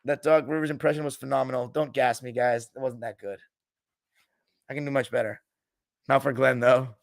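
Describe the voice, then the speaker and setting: A man's voice: mid-range voice, steady tone, a little fast, creaky, dry recording. A man in the middle of his range talks basketball in a loose, joking way, cursing often and answering his live chat as he goes. The sound is dry and close, with no room around it. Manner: loose, joking, swears freely, mimics coaches. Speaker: podcast host. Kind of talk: casual sports talk, reading live chat.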